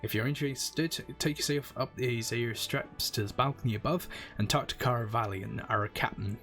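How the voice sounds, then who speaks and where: A man's voice: medium pitch, moderate pace, a bit bright, soft background music, natural voice. A man voicing a brash male pirate recruiter in a put-on pirate accent, reading game dialogue aloud. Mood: swaggering.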